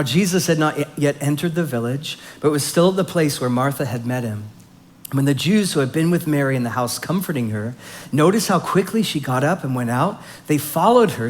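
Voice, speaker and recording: A man teaching a Bible study, reading scripture softly and explaining it in an earnest, conversational way. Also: a little high.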